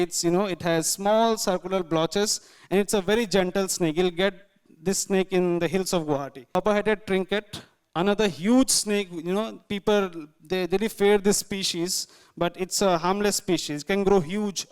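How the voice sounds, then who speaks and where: A man's voice: sits high, clear, resonant tone. A man giving a guest lecture, walking through slides in an informal, explanatory way with frequent fillers. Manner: informal, explanatory, many fillers like "like" and "you know".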